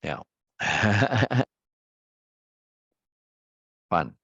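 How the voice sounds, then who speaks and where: A man hosting a live stream and chatting casually with viewers. He rambles, repeats words and greets people warmly. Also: lowish voice, big pitch swings, very slow, slightly rough, no echo, muffled recording. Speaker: livestream host.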